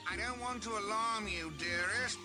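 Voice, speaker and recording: A man's voice: high-pitched, moderate pace, lightly acted. An actor voicing an eccentric, posh, middle-aged male cartoon explorer who talks in a plummy, overly formal, dramatic way. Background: music.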